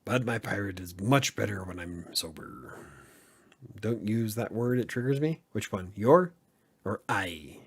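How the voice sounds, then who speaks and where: A man's voice: on the low side, lively intonation, a little slow, slightly rough. A man hosting a casual live-stream podcast, joking around and laughing often as he answers the chat. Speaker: podcast host; editor.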